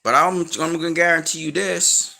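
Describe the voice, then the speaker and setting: Man, rant to viewers, tense forceful voice, swears a lot, slangy, lecturing. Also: little pitch movement, moderate pace, creaky. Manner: blunt and heavily profane, lecturing and warning; slangy and emphatic, grows heated and rises in pitch. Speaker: online commentator.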